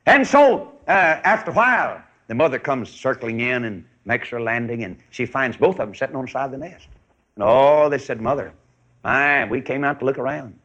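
A man preaching, telling a folksy animal story with animated delivery. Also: mid-range voice, moderate pace, muffled recording. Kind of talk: sermon storytelling.

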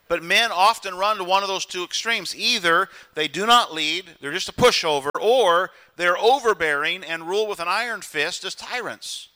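A man's voice: sits high, normal speed, hardly any pauses, sharp tone. A man preaching a sermon as pastor, earnest and direct, acting out the voices of the people he quotes and chuckling between points.

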